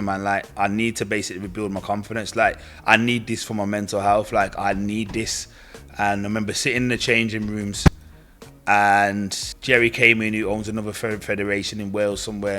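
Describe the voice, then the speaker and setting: Low-voiced man telling his comeback story. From Britain. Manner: animated, slangy, acts out the voices of others in his story. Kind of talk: casual personal storytelling. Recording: faint music behind voice.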